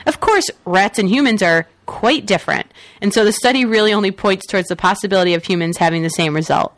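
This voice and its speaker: A woman's voice: medium pitch, fast, no room sound. A woman co-hosting a talk radio show, reading news stories with sarcastic, opinionated asides and a cackling laugh.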